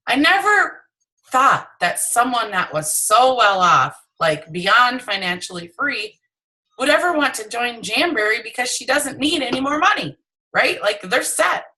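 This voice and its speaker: A middle-aged woman giving a motivational sales training talk, animated and acting out conversations, recorded on a phone. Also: measured pace, poor audio. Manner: animated, acts out dialogue with high excited voices. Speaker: direct sales team leader.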